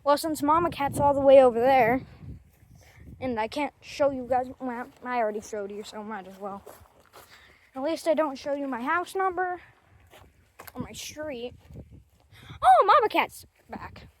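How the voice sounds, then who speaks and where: Woman, put-on Australian accent, fairly high voice, chatty, cooing at a cat, outdoors, phone mic. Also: expressive, unhurried, long pauses, slight background noise. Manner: chatty, coos and talks to the cat. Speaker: vlogger. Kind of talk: casual vlog talking to a cat.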